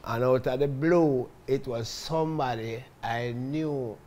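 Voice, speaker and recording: A man with a Jamaican Patois accent telling stories from his own life in a lively, dramatic way, often calling out to his listeners. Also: mid-range voice, slow pace. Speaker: storyteller recounting his life. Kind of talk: casual spoken autobiography.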